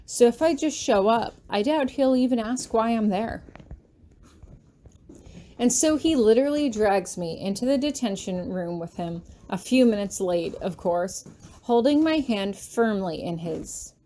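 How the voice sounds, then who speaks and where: Woman narrator for a read-aloud story, first person, warm mellow voice, steady and even. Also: a little high, a little slow. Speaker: fanfiction reader.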